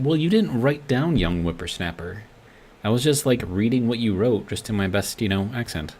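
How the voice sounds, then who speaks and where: A man with a somewhat low voice streams a game, talking his moves through out loud. He rambles loosely and stops now and then to read chat messages to his viewers. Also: expressive, a little slow, pauses often. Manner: rambling, thinks aloud, reads chat messages. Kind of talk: live gameplay commentary.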